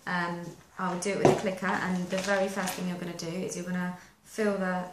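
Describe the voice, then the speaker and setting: A dog trainer with a lowish, level voice speaks fairly quickly, giving practical step-by-step instructions in a chatty way. The how-to video was recorded in an echoey room with faint noise.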